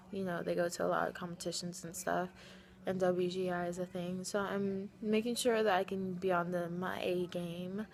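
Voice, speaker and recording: A woman vlogging casually to the camera, talking straight to her friends in an animated, dramatic way, pleading one moment and teasing the next. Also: on the low side. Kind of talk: casual direct-to-camera vlog addressed to friends.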